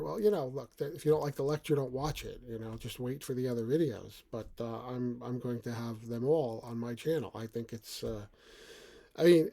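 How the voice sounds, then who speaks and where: A man's voice: mid-range voice, dark tone. A middle-aged man talking casually to camera from a small room at home, rambling and stammering as he repeats words. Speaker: channel host.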